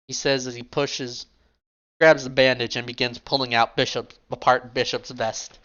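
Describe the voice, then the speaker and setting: A man's voice: mid-range voice, little pitch movement, moderate pace, fairly bright tone, muffled recording. A man narrating a tabletop role-play game in a casual way, feeling lightheaded. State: lightheaded, unwell. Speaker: game master.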